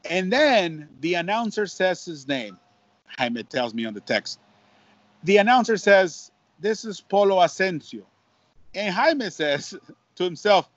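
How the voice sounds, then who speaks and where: A man, a baseball broadcaster, telling a story in an interview with lively repetitions and Spanish phrases. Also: high-pitched, a little slow, no room sound, muffled recording. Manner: animated, repeats words, mixes in Spanish phrases. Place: at home.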